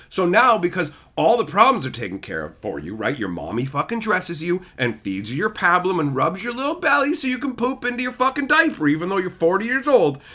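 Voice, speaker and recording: Profane, animated male streamer ranting. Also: fairly high pitch. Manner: profane, insulting, heated.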